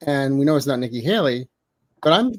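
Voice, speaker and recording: A man hosts a loose, joking political chat. His talk rambles and stays animated. The sound is dry and close, with no room around it. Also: medium pitch, brisk, dry recording. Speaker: channel host.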